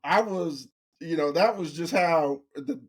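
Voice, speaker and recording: A man co-hosting a podcast in casual sports banter, halting and profane. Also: a little high, breathy edge. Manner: profane trash talk, halting. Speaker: podcast co-host.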